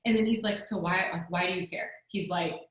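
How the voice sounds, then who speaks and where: A woman's voice: lowish voice, fairly even intonation, a little fast, fairly bright tone. A young adult woman telling a personal story in a chatty way, full of "like" fillers, on a video call. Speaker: network marketing leader. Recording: very echoey room.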